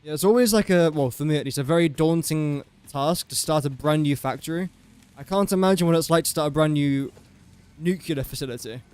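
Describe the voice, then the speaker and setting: A man's voice: fairly high pitch, fairly quick, a little mellow, smooth. Chatty, self-mocking young man streaming games. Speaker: gaming livestreamer. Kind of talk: casual gameplay commentary.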